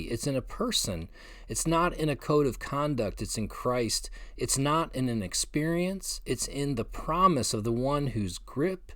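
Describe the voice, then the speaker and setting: A man preaching a short devotional message as a pastor, earnest and gentle, with emphatic pauses. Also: mid-range voice, no room sound, clean studio sound. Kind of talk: short devotional sermon video.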